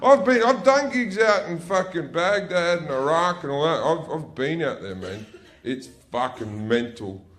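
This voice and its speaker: A middle-aged man performing a stand-up comedy routine on a comedy club stage, brash and profane, with sudden shouted outbursts. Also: on the high side, animated, unhurried.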